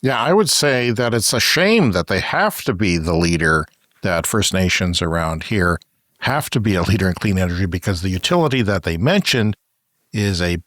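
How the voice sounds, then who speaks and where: A man's voice: low-pitched, big pitch swings, normal speed, a bit bright, no echo. A man from Saskatchewan co-hosting a podcast in casual chat, wry and blunt, given to dry jokes. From Saskatchewan, Canada. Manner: wry, joking, blunt opinions. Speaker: podcast co-host.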